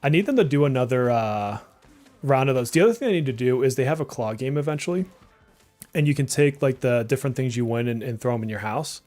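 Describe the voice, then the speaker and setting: A man streams a game and chats loosely, with a mid-pitched voice and a mild Massachusetts accent. He has a slight speech impediment and fills his talk with "like". Faint music plays behind him. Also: expressive, quick pace, darkish tone. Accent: mild Massachusetts, slipping through on some words. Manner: chatty and rambling, many "like" fillers, reacts aloud to the game. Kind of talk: casual live-stream gameplay commentary.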